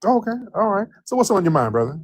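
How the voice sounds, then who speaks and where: A man's voice: high-pitched, sing-song, fast, husky. A man hosting a casual call-in livestream, loose and drawling, repeating his phrases as he talks to callers. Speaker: livestream host taking callers.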